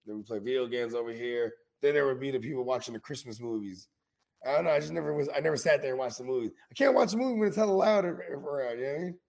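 A man's voice: mid-range voice, very fast, gravelly, a little mellow. A man co-hosting a casual chat, rambling in slang and often asking "you know what I mean". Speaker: co-host.

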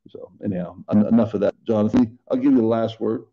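A man's voice: on the low side, fast talker. Earnest rambling man on muffled audio. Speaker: podcast co-host. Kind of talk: casual faith talk.

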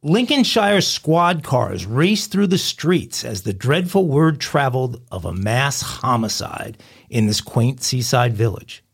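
A man's voice: mid-range voice, vocal fry, slightly rough. A man co-hosting a crime podcast, reading a comic news story aloud in a mock-dramatic storytelling manner. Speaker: podcast co-host.

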